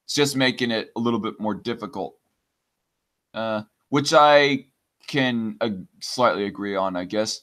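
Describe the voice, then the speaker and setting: A man's voice: medium pitch, moderate pace, a bit bright, a little hiss or hum. A man hosting a casual podcast, reading chat comments aloud and talking in a hesitant way with many fillers and restarts.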